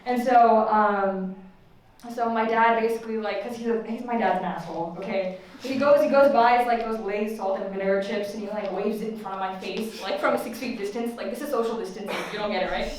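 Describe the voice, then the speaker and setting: A woman's voice: mid-range voice, fairly quick. Young woman doing stand-up in an echoey room. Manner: chatty, profane, laughs at her own lines. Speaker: stand-up comedian. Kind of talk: stand-up comedy set. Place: student comedy open mic. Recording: echoey room, far from the mic.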